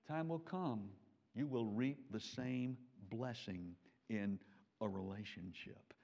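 Male preacher, sermon delivery, higher voice that swoops widely, muffled lo-fi recording. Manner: animated, swings from loud emphatic peaks to low quiet asides. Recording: dull lo-fi recording.

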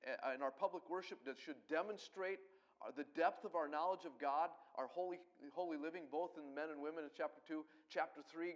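A middle-aged man from Colorado preaching a sermon as pastor, talking fast and swelling into loud emphatic bursts. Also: on the high side, lively intonation.

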